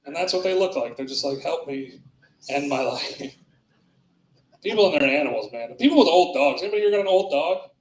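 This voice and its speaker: A stand-up comedian does a loose, rambling set with crowd work in a small club before a live audience, often laughing at his own jokes. His voice is a little high, expressive, and rapid-fire with hardly any pauses. The recording carries echoey club room sound and slight background noise.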